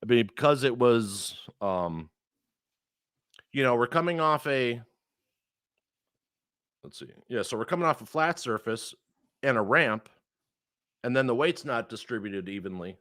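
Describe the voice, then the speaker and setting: A man's voice: medium pitch, a little slow, pauses often, no room sound, studio quality. A man telling a personal story in casual chat, swearing freely and acting out the people he quotes. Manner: profane, animated, acts out quoted people.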